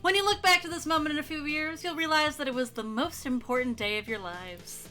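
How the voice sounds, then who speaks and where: Brief: woman as over-the-top villain, bright, hammy, declamatory. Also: high voice, brisk, faint music behind, pitched above the performer's own voice. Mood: grandiose. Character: hammy male supervillain, grandiose and theatrical.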